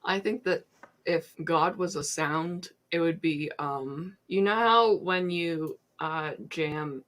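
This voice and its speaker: A woman's voice: sits low, slow pace. A young woman co-hosting a podcast, giggly and riffing in casual chat. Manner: giggly, animated, silly riffing. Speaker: podcast co-host.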